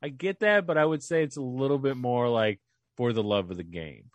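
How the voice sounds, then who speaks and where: A man's voice: medium pitch, a little fast, dull audio, noisy background. A man co-hosting a podcast in casual chat, rambling and hesitant with lots of fillers. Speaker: podcast co-host.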